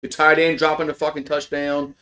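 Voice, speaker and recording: A man calling a game live as a fan, his voice sitting a bit high for a man. He grumbles and rambles through profane asides, then shouts out the big plays. It's loose, heated fan commentary. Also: a little fast. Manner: excitable, swings from grumbling to shouting. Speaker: live play-by-play host.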